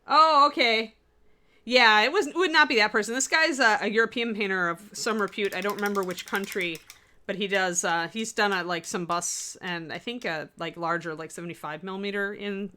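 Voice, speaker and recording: A woman's voice: mid-range voice, normal speed, pushed and bright. A woman co-hosting a livestream on miniature painting, talking in a chatty, rambling way with many fillers and answering viewers' comments. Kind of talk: casual livestream chat reading viewer comments.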